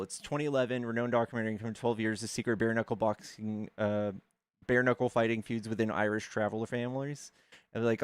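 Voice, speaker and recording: A man from the United States streaming, chatting casually and telling rambling, animated stories with plenty of swearing. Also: mid-range voice, a little fast, clean tone, no echo. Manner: rambling, animated storytelling with profanity. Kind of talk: casual chat.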